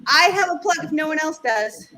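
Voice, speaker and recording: A woman's voice: high-pitched, animated, fairly quick, crowd noise, poor audio. A woman hosting a live online comedy show, upbeat, reading sponsor plugs and moving things along. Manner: upbeat, reads sponsor plugs, laughs easily. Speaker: show host.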